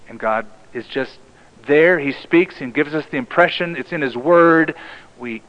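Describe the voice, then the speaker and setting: A male pastor preaching a sermon in an emphatic way, often dropping to a hushed tone for the key lines. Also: mid-range voice, lo-fi sound.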